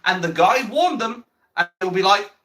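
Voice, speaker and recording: A man's voice: sits high, expressive, normal speed, sharp tone. A man on a livestream, ranting bluntly about politics with plenty of swearing and repetition, stopping to answer viewer chat. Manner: blunt, heavy swearing, repeats himself.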